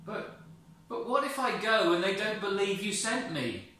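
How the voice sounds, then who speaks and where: A man's voice: sits high, lively intonation, unhurried, pushed and bright, voice pushed up, exaggerated voice. A man voicing Moses, a timid old shepherd. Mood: anxious. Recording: very echoey, from a distance.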